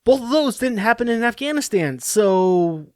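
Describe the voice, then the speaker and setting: A man hosting a podcast, ranting alone in a profane, exasperated way with halting restarts. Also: very high voice, animated, darkish tone, no echo, clean studio sound. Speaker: podcast host. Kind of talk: solo comedic rant.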